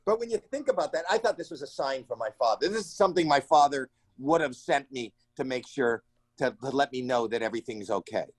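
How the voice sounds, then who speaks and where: A man telling a story on an interview show in an animated, theatrical way, acting out each person with sudden high cries. His voice sits in a mid range and is recorded close and dry, with no room around it. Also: fast, husky, no room sound. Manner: animated, acts out the people in his stories with sudden shrill cries. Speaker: comedian guest. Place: home.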